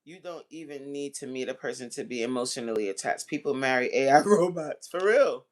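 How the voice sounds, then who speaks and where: A woman's voice: extremely low pitch, lively intonation, a little fast. A woman hosting a casual livestream, reading out chat comments and bantering back in a playful, teasing way.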